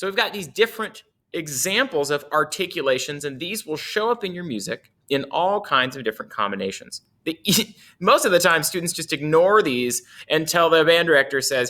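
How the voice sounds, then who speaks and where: Lively, bright-voiced male music teacher. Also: on the high side, moderate pace. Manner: lively, playful, chuckles often. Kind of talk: casual music lesson.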